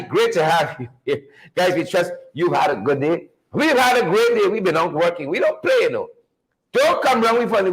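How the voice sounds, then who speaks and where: Animated Guyanese man greeting livestream viewers. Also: high voice, rough recording. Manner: animated, playful, repeats phrases for emphasis. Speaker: livestream show host. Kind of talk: lively livestream welcome, greeting viewers by name.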